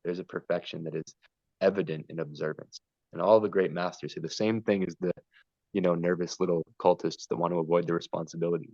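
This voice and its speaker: A man's voice: sits low, steady tone, a little fast, dry recording, highs cut off. A man talking earnestly and at length in a spiritual conversation, wandering between ideas and stories. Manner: meandering, earnest, storytelling. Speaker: podcast guest.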